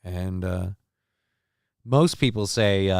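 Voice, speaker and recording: Guy hosting a stream, smooth clear voice, dry close sound, swears a lot and rambles. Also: sits low, darkish tone, no room sound. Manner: profane, rambling, halting with fillers. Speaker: livestream show host. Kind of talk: casual rambling commentary.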